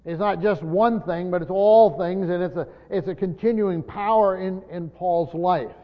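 Older male preacher in an echoing hall. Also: high-pitched. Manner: teacherly, repeats points, many "uh" pauses. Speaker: pastor. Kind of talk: sermon. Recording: dull lo-fi sound with long hall reverb.

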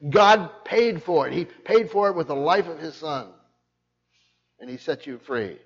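A man's voice: measured pace, husky. An older man preaching a sermon, emphatic, often repeating words and restarting his sentences. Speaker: pastor. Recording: muffled low-fidelity recording.

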